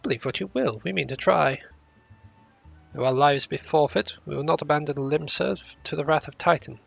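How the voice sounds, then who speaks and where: A proud, earnest young scholar from a fantasy game, as a man puts him on. He talks in formal, old-fashioned phrases with a slightly high, bright and rough-edged voice. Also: normal speed, muffled recording, faint music behind, full character voice. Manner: formal old-fashioned speech, stumbles over words.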